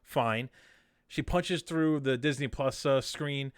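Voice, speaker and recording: A man's voice: a little high, unhurried, smooth, no echo, clean studio sound. A man co-hosting a casual podcast, ranting in a heated, exasperated way. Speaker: podcast co-host.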